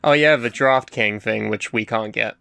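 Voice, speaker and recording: Sarcastic guy cohosting a podcast, clear voice, real dry sound, just talking. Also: lowish voice, moderate pace, bright, forceful tone, dry recording. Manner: wry, sarcastic and blunt. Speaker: podcast co-host. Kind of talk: casual chat.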